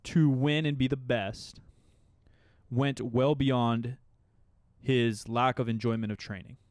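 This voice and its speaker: A man's voice: medium pitch, takes it slowly, no room sound. Guy in his 30s just shooting the breeze on a podcast, lots of "like" and "kinda", dry close mic. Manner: chatty, animated, frequent "like" and "kinda". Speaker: podcast co-host. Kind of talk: casual chat.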